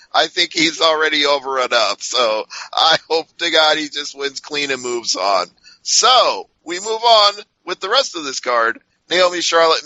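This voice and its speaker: A man's voice: a little high, sharp tone, dry recording. A man hosting a casual podcast chat, blunt and keeping the panel moving. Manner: blunt, moves the panel along. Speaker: podcast host. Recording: dull dry lo-fi audio.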